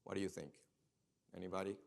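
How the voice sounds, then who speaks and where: A man's voice: sits low, level tone, fast talker, gravelly. A man giving a conference talk on empathy who keeps asking the audience questions and talking with them directly. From Minnesota. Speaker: conference speaker. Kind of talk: conference presentation. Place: large conference hall. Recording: long hall reverb.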